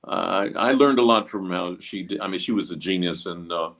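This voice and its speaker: A man's voice: low voice, moderate pace, fairly bright tone. A man being interviewed about his music, talking in a rambling way with many fillers and restarts. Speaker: guest musician. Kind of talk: casual interview.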